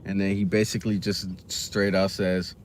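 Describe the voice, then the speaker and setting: A man's voice: low voice, level tone, normal speed, slight background noise. A man talking casually to the camera in a reaction video, slangy and rambling, with lots of fillers. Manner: laid-back, slangy, rambling with many fillers. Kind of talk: casual commentary monologue.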